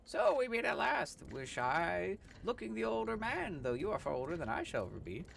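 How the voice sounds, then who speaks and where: A man's voice: high-pitched, wildly swooping pitch, moderate pace, gravelly, fairly bright tone, a little hiss or hum, voice pushed up, heavily acted. A man doing a grand, ancient time wizard. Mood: solemn. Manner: lofty, archaic, solemn speech.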